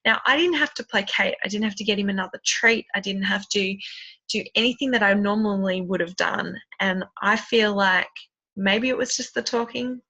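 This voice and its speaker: Chatty woman with a gravelly, bright voice. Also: medium pitch. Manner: chatty, enthusiastic, rambling with many ums. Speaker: essential oils seller. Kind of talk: casual tutorial chat. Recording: dull lo-fi sound.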